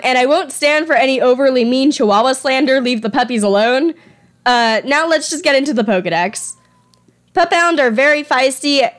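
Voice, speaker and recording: A young woman with a high, slightly bright voice chats casually at home while she draws. She's an artist showing off her fan creature designs, self-deprecating and now and then stumbling over her words.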